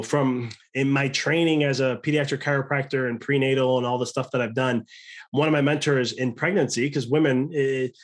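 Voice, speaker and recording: A man in his thirties, a guest on a podcast, talking casually and earnestly, with many restarts and quoted self-talk. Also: mid-range voice. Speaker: podcast guest, chiropractor and coach.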